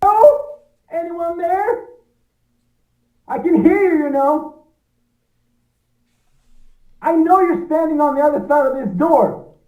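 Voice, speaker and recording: A man voicing a frantic man locked in a room, shouting and demanding to be let out. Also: very high-pitched, slow pace, pauses often, echoey room, phone-quality sound.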